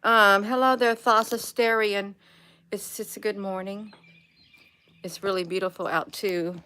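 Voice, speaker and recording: A woman's voice: medium pitch, fairly even intonation, a little slow, pushed and bright, clean tone. A woman chatting casually on a live stream outdoors in her yard, meandering and losing her train of thought as she greets viewers by name. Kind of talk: rambling casual livestream chat.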